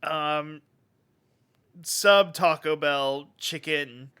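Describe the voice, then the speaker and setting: Brief: playful young male co-host, bright and a touch high. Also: clear, resonant tone. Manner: joking, playful, quick to do voices. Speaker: podcast co-host. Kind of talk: casual chat.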